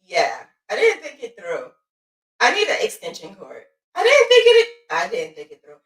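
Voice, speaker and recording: A woman hosting a casual crochet livestream, lively and playful, chatting to viewers and greeting them by name. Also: high voice, moderate pace. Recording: roomy sound, mic at a distance.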